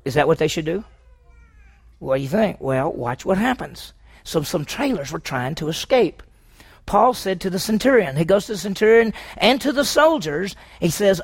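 A man's voice: on the high side, animated, normal speed, vocal fry, breathy edge. A man preaching a sermon on a Bible passage, asking his listeners questions and acting out what people said. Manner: asks the audience questions, acts out quotes.

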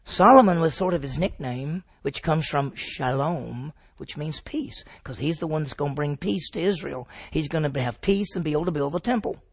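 A man teaching a Bible class, his voice a little higher than most and gravelly with a husky edge. He retells the story with animation and tosses questions to the room. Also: moderate pace, hardly any pauses.

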